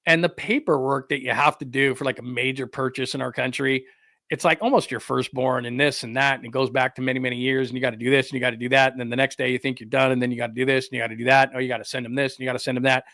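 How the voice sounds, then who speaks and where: A middle-aged man hosting a podcast, ranting in a rambling, exasperated way with lively asides. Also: medium pitch, very fast, dry recording, studio quality. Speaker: podcast host. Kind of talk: casual ranting commentary.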